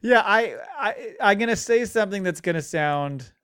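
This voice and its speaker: A man chatting on a podcast, quick with a sarcastic one-liner. His voice is smooth and resonant and a little higher than most men's. It is recorded close and dry. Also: animated, a bit bright, no echo. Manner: wry, quick sarcastic quips. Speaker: podcast co-host. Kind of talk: casual chat.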